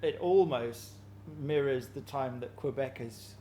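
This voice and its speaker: A man's voice: mid-range voice, measured pace, warm tone, echoey room, slight background noise. A male interviewer who asks short, curious questions and restarts his words now and then. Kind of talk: conversational interview.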